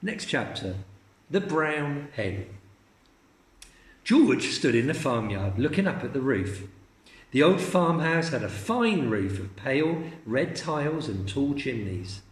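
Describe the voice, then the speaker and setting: A man teacher reading a children's story aloud in a slow, expressive storytelling manner. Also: medium pitch, reverberant.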